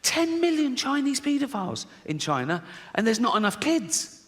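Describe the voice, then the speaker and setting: A middle-aged man with an English accent doing stand-up comedy, deadpan and conversational, laughing at his own jokes. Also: very high-pitched, moderate pace. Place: large theatre stage. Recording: stage mic in a big hall with audience noise.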